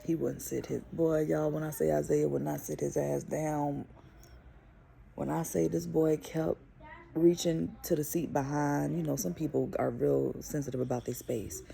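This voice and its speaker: A young woman and mother telling a story to camera in a casual, animated, profane way. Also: sits low, moderate pace, gravelly, slight background noise. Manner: animated, profane, emphatic retelling. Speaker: vlogger and mother.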